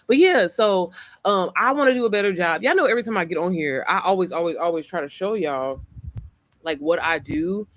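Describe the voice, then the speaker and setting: A woman's voice: lowish voice, animated, fairly quick, no echo. A woman hosting a casual livestream from home, rambling and often repeating herself as she chats with viewers. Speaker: online business creator hosting a livestream. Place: at home, indoors.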